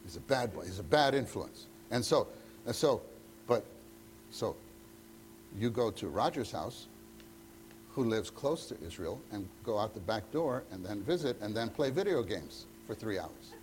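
A man's voice: fairly low pitch, expressive, a little slow, long pauses, a little mellow, a little hiss or hum. A man leading a church teacher-training meeting, talking conversationally and acting out bits of dialogue. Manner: conversational, acts out quoted dialogue.

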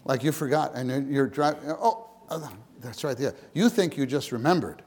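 A man giving an informal sermon to fellow believers, conversational and repetitive, swinging between loud emphasis and hushed, near-whispered words. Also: mid-range voice, moderate pace, breathy edge. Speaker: church speaker.

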